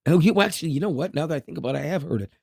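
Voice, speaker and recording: A man's voice: on the high side, lively intonation, racing, gravelly, darkish tone, husky, no room sound, clean studio sound. A man, co-hosting a podcast in casual chat, laughing often and repeating words. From Canada. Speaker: podcast co-host.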